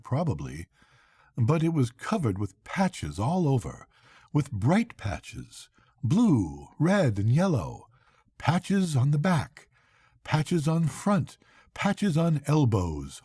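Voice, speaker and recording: An older man, a grandfather, reading a classic novel aloud to his grandchildren at bedtime in an unhurried, expressive way. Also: mid-range voice, breathy edge, no room sound.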